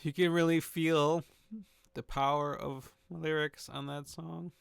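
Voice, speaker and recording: A man with a fairly high, gravelly voice talks slowly and haltingly about his own music, breaking into nervous laughs between thoughts. The sound is close and dry, with no room around it. His delivery is casual and reflective, loose enough for the odd swear. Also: little pitch movement, no echo. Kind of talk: casual spoken commentary.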